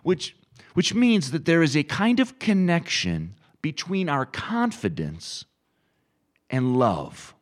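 A middle-aged man preaching a sermon, animated and storytelling, acting out quoted inner voices. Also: on the high side, slow pace. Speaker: pastor.

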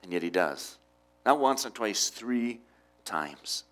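A middle-aged man preaching a sermon, with emphatic rises and quiet drops. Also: lowish voice, animated, takes it slowly. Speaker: pastor.

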